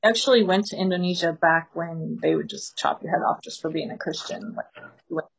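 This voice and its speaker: A woman teaching a small group in a casual storytelling way, animated and laughing often as she talks. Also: on the low side, a little fast, creaky, slightly rough, poor audio. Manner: animated, laughing often while telling stories.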